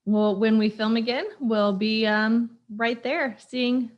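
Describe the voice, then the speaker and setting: A woman from Kansas City hosting a podcast in casual chat, upbeat and quick to laugh. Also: on the high side, fairly even intonation, lo-fi sound. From Kansas City, USA. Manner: upbeat, chatty, laughs easily. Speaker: podcast host.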